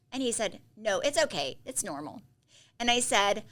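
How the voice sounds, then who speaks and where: A woman co-hosting a podcast, chatting casually and telling animated stories. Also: fairly high pitch, normal speed. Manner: chatty storyteller, animated quotes. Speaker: podcast co-host. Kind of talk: casual chat.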